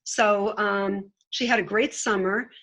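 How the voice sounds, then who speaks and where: A woman telling lively, self-mocking stories as an interview guest over a video call. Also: mid-range voice, takes it slowly, rough recording. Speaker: guest, veteran sports broadcaster.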